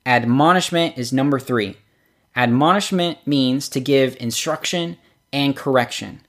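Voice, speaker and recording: A man's voice: mid-range voice, measured pace. A man preaching a sermon, telling stories and acting out the quotes he gives. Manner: storytelling, acts out quotes with lively shifts. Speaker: pastor.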